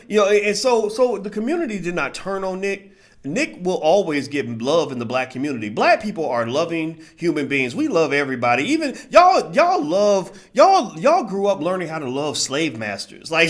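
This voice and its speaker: A man giving a casual, animated monologue as a commentator, often tagging his points with a rhetorical "right?". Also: sits high.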